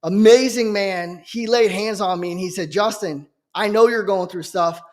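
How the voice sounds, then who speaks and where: Earnest high-voiced man giving testimony. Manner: earnest and fervent, repeats "okay?" often. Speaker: Christian preacher giving his testimony. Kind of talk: emotional personal testimony.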